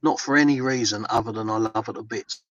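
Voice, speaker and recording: A man's voice: fairly low pitch, fast, a bit bright, no echo, lo-fi sound. An English man chatting casually and upbeat with viewers while he drives, answering their questions with plenty of ums. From England. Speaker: vlogger live-streaming. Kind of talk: casual live-stream chat while driving. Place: inside a car, driving.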